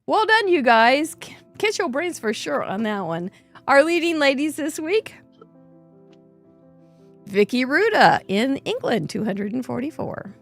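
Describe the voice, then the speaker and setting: A woman's voice: high-pitched, sing-song, a little slow, gravelly, soft background music. A woman hosting a live craft show, cheerfully reading out names and card counts, laughing often. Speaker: host.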